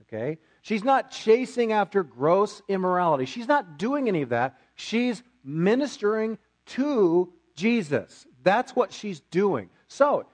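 A man's voice: high-pitched, very animated, unhurried, hardly any pauses. A man preaching a sermon as pastor, repeating key phrases for emphasis.

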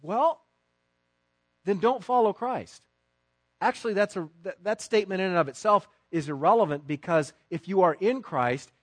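A man preaching a sermon to his congregation with emphatic stresses and quiet asides. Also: high-pitched, dry recording. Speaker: pastor.

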